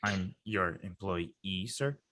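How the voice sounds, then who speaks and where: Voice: low voice, slow, bright, forceful tone, dry recording, studio quality, full character voice. A performer reading a nervous, exasperated male scientist in a comedy table read. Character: fed-up male company scientist.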